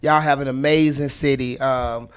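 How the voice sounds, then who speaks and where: A woman's voice: a bass voice, steady tone, normal speed, smooth. A woman from Atlanta with a Southern accent, hosting a casual talk show in an outspoken, emphatic way with plenty of cursing. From Atlanta, USA. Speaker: host.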